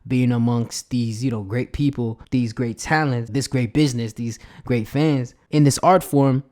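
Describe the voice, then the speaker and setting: A man's voice: mid-range voice, fairly even intonation, unhurried, darkish tone. A man casually recapping a wrestling storyline for his channel in a slangy, profane, rambling way. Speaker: wrestling commentary vlogger.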